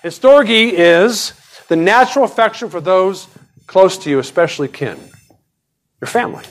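A middle-aged pastor giving a sermon in a loose, conversational way, full of restarts and asides, jumping sharply higher in pitch when he stresses a point. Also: lively intonation, normal speed, rough recording.

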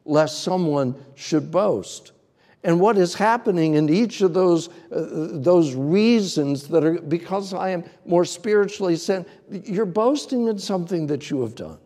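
A man preaches a measured expository sermon, laying out his points one heading at a time. His voice sits a little high for a man but sounds mellow and dark, and he speaks unhurriedly. The sound carries a long reverb, as in a church sanctuary. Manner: methodical, outlines points with numbered headings.

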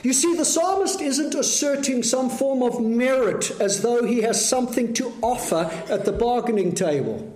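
A man preaching a sermon, measured and full of rhetorical questions to the congregation. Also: very high voice, lively intonation, darkish tone, echoey room.

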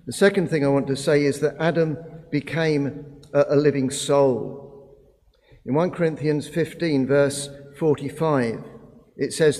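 A man preaching a sermon in a slow, deliberate way, pausing often with "uh" between phrases. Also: medium pitch, warm tone, big-room sound. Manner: slow, deliberate delivery with frequent "uh" pauses.

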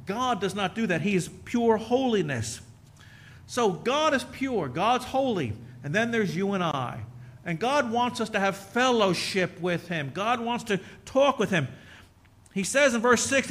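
Middle-aged male pastor, high-pitched and bright, folksy sermon delivery that builds to fervor. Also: expressive, measured pace. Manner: folksy, joking asides, rising to fervent preaching.

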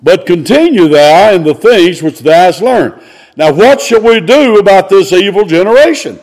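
A man preaching, reading scripture aloud and explaining it, rising to loud exclamations. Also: high-pitched, animated, moderate pace. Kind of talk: expository sermon.

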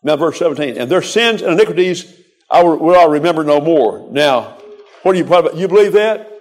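A man's voice: on the high side, animated, fairly quick. An older man preaching a folksy, exhorting sermon, quoting scripture in a rhythmic cadence.

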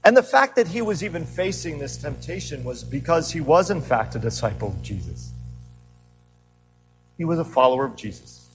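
A man preaching a sermon as a pastor, earnest and animated, asking his listeners rhetorical questions as he retells the story. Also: fairly high pitch, normal speed, long reverb tail, faint music behind, poor audio.

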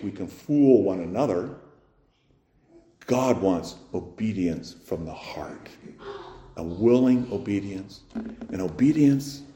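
A man preaching a sermon as pastor, firing rhetorical questions and swinging between loud emphasis and quiet, soft lines. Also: on the low side. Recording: roomy echo.

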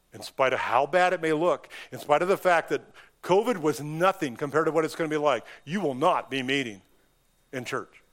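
Higher-voiced man preaching an impassioned sermon. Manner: impassioned, emphatic preaching with sudden rises and drops in pitch and loudness. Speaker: pastor. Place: church.

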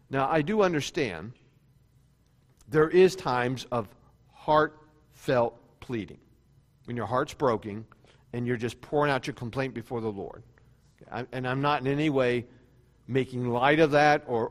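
A man's voice: mid-range voice, in a large hall. A male pastor giving a sermon in a conversational preaching style, now and then acting out quoted prayers. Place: church sanctuary.

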